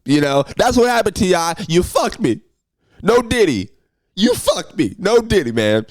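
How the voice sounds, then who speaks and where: A young man hosting a solo podcast, telling road stories in an animated, ranting way that jumps high and loud when he gets worked up. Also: measured pace, dry recording. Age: young adult. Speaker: podcast host.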